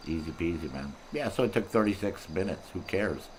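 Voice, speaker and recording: A man's voice: deep voice, animated, fairly quick, a little hiss or hum. A man giving casual, rambling gameplay commentary full of swearing, explaining how he plays a heist solo. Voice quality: profane, laid-back and rambling. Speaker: gameplay streamer.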